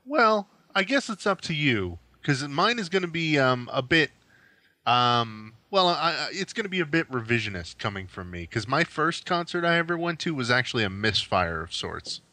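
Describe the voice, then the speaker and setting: A man's voice: mid-range voice, very animated, moderate pace, bright, forceful tone, no room sound. A man in his forties, a podcast co-host, telling a story in casual chat and swearing freely. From New Jersey.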